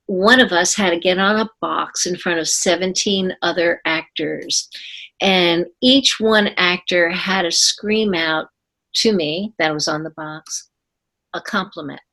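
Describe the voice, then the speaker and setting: Earnest woman in her seventies, low-pitched. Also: fairly bright tone. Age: 70s. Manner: earnest, unhurried, with pauses and restarts. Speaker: guest, former ballerina. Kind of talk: reflective interview storytelling.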